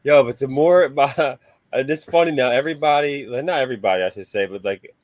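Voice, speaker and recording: A man's voice: mid-range voice, fairly quick, no echo. A man in casual chat about remote-control cars, laid-back and chatty, laughing often.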